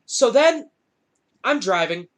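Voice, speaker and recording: With an extremely high-pitched voice, a young podcast host takes his time. He's chatting casually, spinning an animated tale peppered with swear words.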